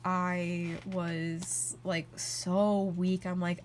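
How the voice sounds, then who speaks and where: A young woman vlogger chatting casually as she flips through her journal, rambling and excitable, with "like" in almost every sentence. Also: medium pitch, moderate pace, a little hiss or hum. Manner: rambling and excitable, heavy use of "like".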